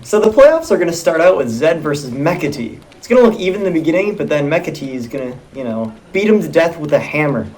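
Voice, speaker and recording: A man playing a screenwriter in a comedy sketch, matter-of-fact and mildly exasperated as he pitches. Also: lively intonation, fast talker, few pauses, a little mellow.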